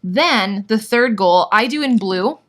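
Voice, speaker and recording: A woman's voice: medium pitch, animated, slow pace, fairly bright tone. A woman vlogger and online business coach, talking to her viewers in a casual live workshop, bubbly and gushing, rambling with lots of fillers.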